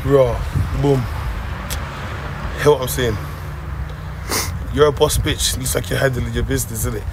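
A man's voice: mid-range voice, steady tone, a little slow, creaky. A man co-hosting a podcast, bantering in a boisterous, slangy, joking way. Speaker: podcast co-host. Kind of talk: casual banter. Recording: loud background noise.

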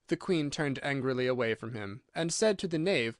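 A man reading a children's audiobook with an expressive, animated delivery. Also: mid-range voice, brisk, few pauses, no room sound, clean studio sound. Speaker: audiobook narrator. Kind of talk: audiobook narration.

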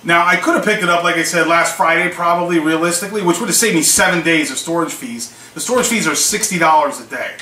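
This is a man who sells online and vlogs about it, casually narrating a story and performing both parts of the dialogue. His fairly high voice moves fast with barely a pause, and his tone is sharp. Faint hiss, room echo and a distant microphone color the audio.

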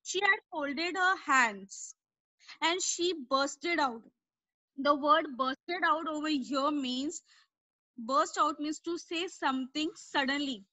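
Woman teaching a lesson, high voice, slow and careful, dry close sound. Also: bright, forceful tone, no echo, rough recording. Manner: explains word meanings patiently, repeating herself. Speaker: English teacher. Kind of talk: online class lesson explaining a story.

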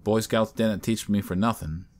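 A man with a low voice voicing a timid, gentle younger brother who speaks hesitantly and apologetically. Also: steady tone, normal speed, lightly acted. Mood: mild.

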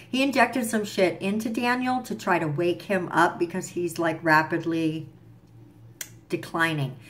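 A woman's voice: mid-range voice, a bit bright. A young woman vlogging a casual, profane recap of a TV episode, with fillers and asides. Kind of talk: casual chat.

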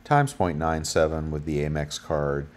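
A man with an extremely low, deep voice talks through silver prices in a loose, rambling way. He leans on ums and uhs and drifts off topic before reading figures off the screen. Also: measured pace, a little hiss or hum. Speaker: bullion deals host. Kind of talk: casual market commentary.

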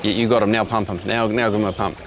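A man's voice: on the low side, little pitch movement, fast talker, very noisy. A man with a New Zealand accent hosting a fishing show, coaching anglers on a small boat outdoors in a laid-back, matey way. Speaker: fishing show host and skipper.

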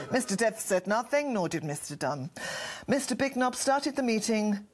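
A woman's voice: a little high, big pitch swings, moderate pace. A woman reading a crude comic story aloud in a mock-innocent storybook manner.

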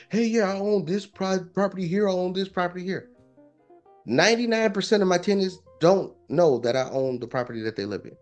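Laid-back man telling a story. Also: fairly high pitch. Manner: laid-back, informal, repeats phrases. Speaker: property investor guest. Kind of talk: casual storytelling interview.

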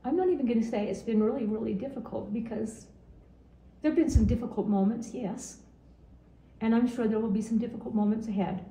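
A woman's voice: fairly high pitch, a little fast, mellow, reverberant, low-quality recording. A woman in her seventies from Utah, giving a heartfelt farewell message to her grandson, earnest and often repeating her phrases. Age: 70s.

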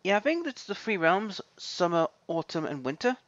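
A man's voice: high voice, sing-song, normal speed, fairly bright tone, muffled recording. A man casually commenting while playing a video game, chatting to the characters and grumbling now and then. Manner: chatty, talks to game characters, mild swearing. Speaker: let's play host. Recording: voice with game music underneath.

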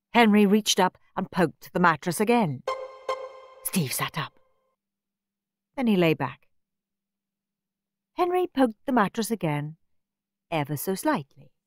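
Slow, expressive woman storyteller. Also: on the low side, no room sound, studio quality. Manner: expressive, playful. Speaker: audiobook reader. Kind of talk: storybook narration. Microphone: close studio mic.

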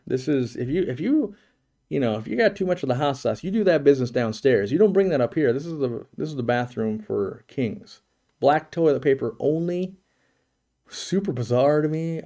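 A man's voice: medium pitch, mellow. A man hosting a live stream, giving a casual, joking commentary on a virtual home tour and thinking aloud with many restarts.

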